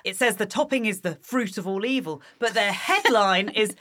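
An amused woman chats through the day's headlines, her pitch swinging widely as she tells each story. She keeps the tone friendly and talkative. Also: expressive, normal speed, fairly bright tone. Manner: amused, chatty. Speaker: podcast co-host. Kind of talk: casual newspaper review chat.

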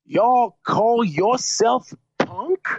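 A man's voice: very high-pitched, drawn-out words, a little mellow, husky, no room sound, muffled recording, pitched above the performer's own voice, heavily acted. A man putting on a drawling rude punk heckler. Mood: challenging.

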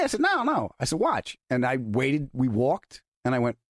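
A man hosting a podcast, telling a story in a deadpan way that builds to a punchline. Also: mid-range voice, moderate pace. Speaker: podcast host. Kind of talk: casual chat, storytelling.

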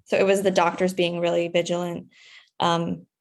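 A woman's voice: little pitch movement, moderate pace, gravelly. Chatty young woman acting out her own past lines. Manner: candid and chatty, acts out past dialogue in a higher voice. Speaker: podcast guest. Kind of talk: casual chat.

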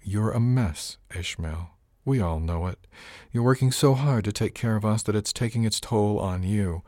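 A male narrator voicing a sharp-witted woman, a ship's chief engineer, who talks to her captain in a gently mocking, exasperated way. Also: on the low side, moderate pace, dry recording, clean studio sound, lightly acted. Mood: lecturing. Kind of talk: audiobook character voice.

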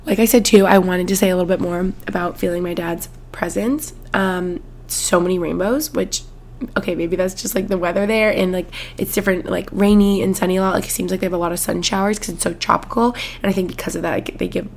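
A woman's voice: on the low side, steady tone, fast, creaky. Bubbly gushing woman podcast host. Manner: bubbly, gushing, heavy use of "like". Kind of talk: casual chat.

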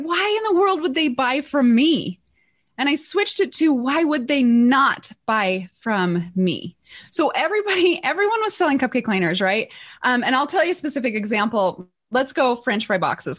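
Excitable woman telling stories. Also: on the high side. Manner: excitable, laughs often, acts out quotes. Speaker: podcast guest, entrepreneur. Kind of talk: energetic interview storytelling.

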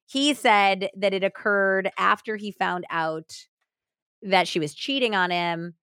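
A woman's voice: medium pitch, slow, a bit bright, clear, resonant tone, no echo, clean studio sound. A woman hosting a true crime podcast, telling the case in a casual, chatty way with lots of fillers. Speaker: podcast host. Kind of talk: true crime storytelling chat.

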